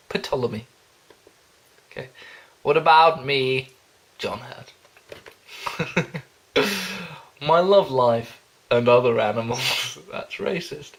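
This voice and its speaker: A young man reading a jokey self-introduction, rambling and giggling, with deadpan asides. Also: mid-range voice. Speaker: vlogger.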